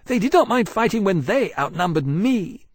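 Man doing a young female dragon, high-pitched, fiery, indignant, audiobook character. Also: big pitch swings, normal speed, no room sound, clean studio sound.

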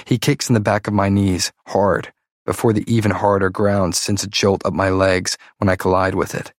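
A man's voice: low voice, flat delivery, normal speed, dry recording, studio quality. A man narrating a story in the first person, tense and dramatic. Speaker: audiobook narrator.

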